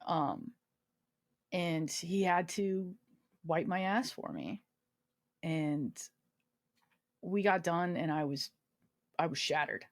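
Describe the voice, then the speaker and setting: In a fairly low, slow voice broken by long pauses, a woman in her twenties tells a personal story as a podcast guest. She's an army veteran, and she speaks candidly with self-mocking humor, curses and frequent fillers.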